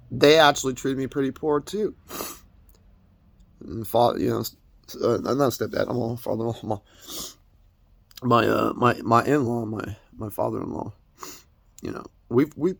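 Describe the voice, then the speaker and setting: A man's voice: mid-range voice, unhurried, vocal fry, long pauses, no room sound. A young man making an emotional personal confession to camera, crying as he talks, stammering and swearing as he rambles. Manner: rambling, stammering, profane, tearful. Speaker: vlogger.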